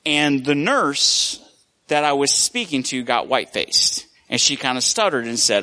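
A man's voice: mid-range voice, lively intonation, measured pace, bright, forceful tone. A man preaching a conversational sermon, telling stories with a shifting pace. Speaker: pastor.

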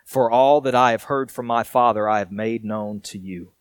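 A man pastor preaching a sermon, reading scripture and explaining it in an earnest way, sometimes raised and sometimes hushed. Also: lowish voice, normal speed, clear, resonant tone, no echo, studio quality.

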